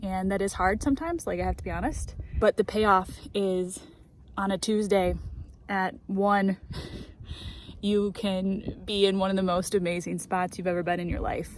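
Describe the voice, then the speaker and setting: A woman's voice: medium pitch, steady tone, normal speed, a little hiss or hum, poor audio. Chatty woman vlogging a road trip. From United States. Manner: chatty, laughs often, enthusiastic. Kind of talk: casual travel vlog. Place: in her car and outdoors at a scenic overlook.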